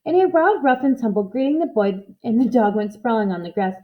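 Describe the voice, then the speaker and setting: Lady reading a kids' story out loud, fairly high voice, lively, kinda muffled lo-fi audio. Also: a little fast. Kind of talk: reading a children's book aloud.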